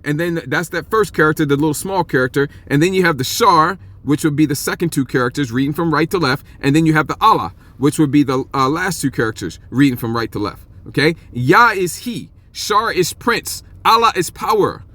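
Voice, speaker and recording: A man teaching from the Bible in an informal, emphatic way, often checking in with "okay?" and reading verses slowly and drawn out. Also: fairly high pitch, a bit bright. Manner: reads scripture aloud slowly and stretched out.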